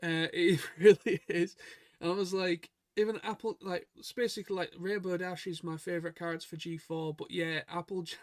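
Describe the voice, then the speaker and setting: High-voiced chatty man. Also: steady tone, fairly quick, dry recording, clean studio sound. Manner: rambling, chatty, stumbles and repeats words. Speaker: stream co-host. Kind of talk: casual chat stream.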